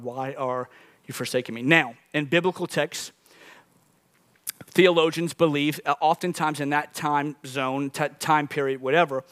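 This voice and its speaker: A man's voice: fairly high pitch, a bit bright, dry recording. A man preaching a sermon as pastor, earnest, restarting phrases often and building to emphatic peaks.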